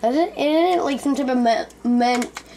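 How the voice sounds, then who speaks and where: A woman co-hosting a family vlog, chatting casually while cooking, soft-spoken and often half-whispered. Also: high-pitched, measured pace, gravelly, a little hiss or hum. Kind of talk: casual kitchen chat.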